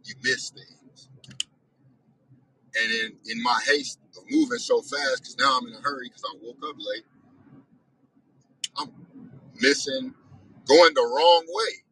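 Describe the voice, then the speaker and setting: A man's voice: medium pitch, sing-song, slow, pauses often, sharp tone, a little hiss or hum, poor audio. A man hosting a weekly discussion, telling a story in a casual monologue with exasperated, profane and self-reflective talk.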